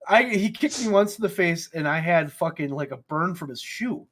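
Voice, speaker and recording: Man, podcast co-host, slightly high voice, cursing, animated storyteller, casual chat. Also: normal speed, crowd noise. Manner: swears freely, laughs through animated stories.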